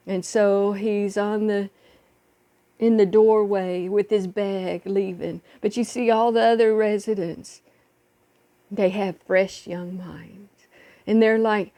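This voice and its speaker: A woman's voice: medium pitch, warm tone. A woman vlogger earnestly retelling a film story in casual talk, recorded on a phone. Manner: earnest, encouraging.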